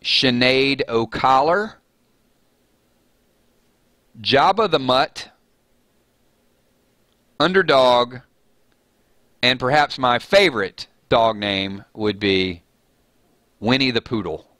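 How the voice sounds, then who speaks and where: A man's voice: mid-range voice, takes it slowly, long pauses, sharp tone, no echo. A man hosting a casual live chat stream, rambling and laughing at his own jokes.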